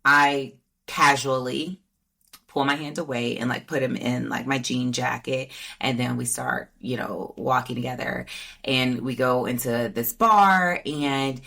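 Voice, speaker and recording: A woman's voice: a bass voice, unhurried, creaky. A woman in her thirties hosting a podcast, telling a dating story in a candid, casual way and acting out what people said. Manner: candid, animated retelling with mock-quoted voices. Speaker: podcast host.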